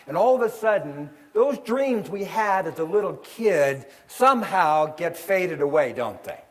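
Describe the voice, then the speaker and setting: Man, middle-aged, fairly high voice, lively storyteller, speaking to an audience. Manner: animated storyteller acting out quoted voices. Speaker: author and seminar speaker. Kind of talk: storytelling talk to a live audience. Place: event hall with an audience.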